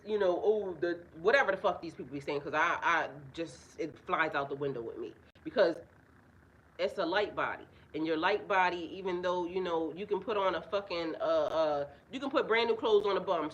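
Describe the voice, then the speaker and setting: In a roughly recorded clip, a woman with a lowish voice gives a casual astrology reading out in a yard where birds can be heard. She's a spiritual reader and life coach who talks bluntly, swears heavily, and often breaks into laughter.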